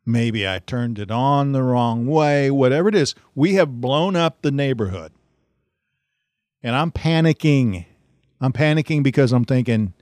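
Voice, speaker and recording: Guy telling a funny story on his podcast, lots of pitch swings, laughs a lot, dry sound. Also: animated, measured pace, a little mellow, no room sound. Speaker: podcast host. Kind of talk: casual storytelling.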